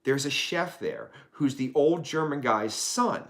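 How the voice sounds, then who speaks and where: Unhurried and mid-range in voice, this podcast guest, a man of about forty from Pennsylvania, tells a casual story. He is profane and animated, laughing as he goes.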